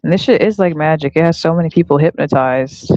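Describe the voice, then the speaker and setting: A woman hosting a casual podcast chat, excitable and profane, who repeats herself. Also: low voice, fast, no room sound, muffled recording. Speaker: host.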